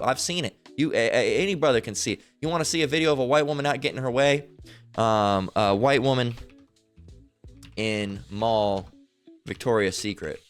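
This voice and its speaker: A man's voice: medium pitch, a little fast, faint music behind. Rambling man preaching over video clips. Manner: rambling, repeats himself, fillers like "all right?". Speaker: religious commentator.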